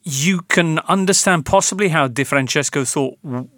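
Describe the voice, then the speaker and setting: Measured man hosting a football chat. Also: a little high, pushed and bright, dry recording, clean studio sound. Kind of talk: casual podcast discussion.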